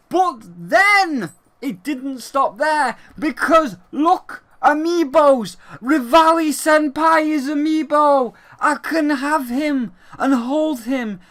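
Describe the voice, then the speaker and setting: A gaming YouTuber giving an excited, rambling recap of a games event, swearing freely. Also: sits high. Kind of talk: excited event recap while live on a call.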